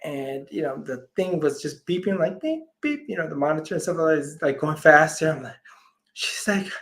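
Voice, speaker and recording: Guy with a slightly high gravelly voice, rambling story, lots of you know. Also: fairly even intonation, fairly quick, a bit bright, low-quality recording. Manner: rambling, full of "you know" and "I says", retells dialogue. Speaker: guest, healer. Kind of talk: personal storytelling in a conversation.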